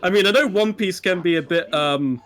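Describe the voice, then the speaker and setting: A man's voice: sits high, fairly quick, fairly bright tone, faint music behind. A man co-hosting a gaming stream, chatting casually and laughing along.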